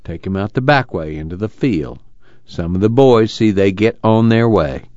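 A man's voice: fairly low pitch, normal speed, a little mellow, no room sound, natural voice. A man voicing a sly, obliging camp tough with a clipped rural drawl. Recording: dull lo-fi dry recording.

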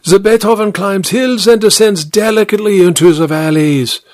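A severe elderly piano teacher with an Austrian accent, as a male narrator puts her on, snapping out curt, growling commands. She sits noticeably higher than the reader's own voice in this storybook reading, with a strained, pinched edge. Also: moderate pace, darkish tone, lightly acted. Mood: stern. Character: stern old female Austrian piano teacher.

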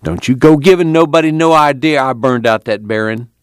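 A man's voice: sits low, moderate pace, slightly rough, dry recording, studio quality. A man voicing a young male farmhand who complains and gets defensive. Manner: indignant, complaining drawl.

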